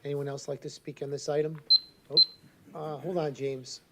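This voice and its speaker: Brisk woman chairing a council meeting. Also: sits low, level tone, heavy background noise. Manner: brisk, procedural.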